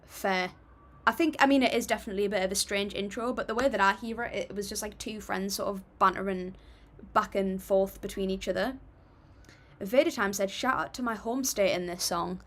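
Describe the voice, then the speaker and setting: A woman's voice: mid-range voice, a little fast, fairly bright tone. A young British woman hosting a livestream, casually reading viewer comments aloud and answering them in a friendly, chatty way. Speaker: livestream host reacting to music.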